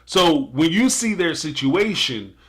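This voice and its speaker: Male live-stream host, slightly high bright voice, jokey and quick to laugh. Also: expressive. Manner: joking, laughs often, playful asides. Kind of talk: casual live-stream commentary, reading super chats.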